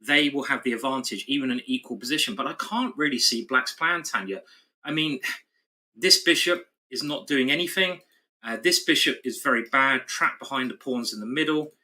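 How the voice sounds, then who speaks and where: A man's voice: mid-range voice, normal speed, bright, forceful tone. A man commentating live on a chess game, chatty and explanatory with his co-host. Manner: chatty, explanatory, laughs easily.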